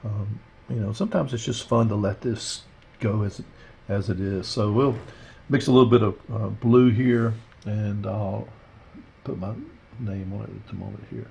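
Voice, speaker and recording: A man teaching a watercolor painting demo, talking through his steps in a relaxed, rambling way with lots of fillers. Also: fairly low pitch, normal speed, gravelly, slight background noise. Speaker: art instructor. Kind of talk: casual painting demonstration.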